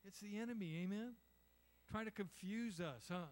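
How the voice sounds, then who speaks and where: A man's voice: sits high, moderate pace. An older man preaching a conversational sermon, acting out little voices and asking the congregation "amen?". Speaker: pastor.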